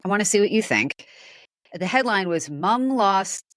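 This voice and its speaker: A woman hosting a podcast who chats casually, reads news items aloud and breaks off with quick giggly asides. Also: mid-range voice, lively intonation, a bit bright, no echo. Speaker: podcast host. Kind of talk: casual chat, reading headlines aloud.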